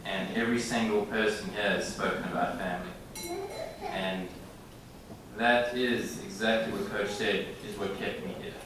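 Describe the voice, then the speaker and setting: A man in his thirties giving a halting, heartfelt acceptance speech, with many pauses and filler sounds, in a large banquet room. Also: on the low side, fairly even intonation, distant mic. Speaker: hall of fame inductee. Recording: echoey banquet hall from afar with room noise.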